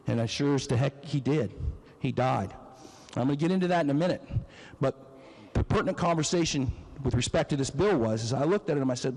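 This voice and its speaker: A man's voice: medium pitch, quick pace, a little mellow. A middle-aged man, giving an emotional, emphatic floor speech as a state legislator and telling a personal story. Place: legislative chamber. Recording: long reverb of a legislative chamber.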